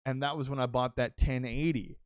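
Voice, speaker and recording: A young adult man hosting a podcast, telling an excitable, swear-heavy story in casual chat with many restarts. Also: medium pitch, a little fast, smooth, no echo. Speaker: podcast host and streamer.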